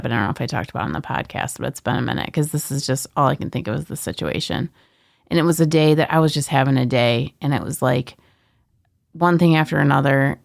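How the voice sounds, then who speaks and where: Gravelly-voiced woman telling a story animatedly. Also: deep voice, no room sound, studio quality. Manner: animated storyteller, laughs through her words. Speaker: podcast co-host. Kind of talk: casual storytelling chat.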